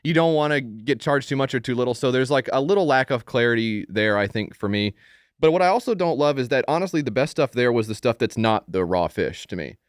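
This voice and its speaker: A man's voice: medium pitch, animated, brisk, no room sound, clean studio sound. A man from Tennessee, a podcast guest, giving a joking, profane restaurant review in casual chat.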